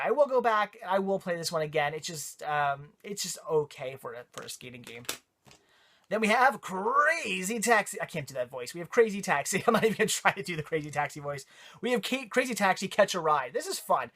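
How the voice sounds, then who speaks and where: Brief: casual male host, eager and rambling, pitch a touch high. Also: fairly bright tone. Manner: enthusiastic, rambling with fillers and restarts. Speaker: video game collector reviewing pickups. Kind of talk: casual chat.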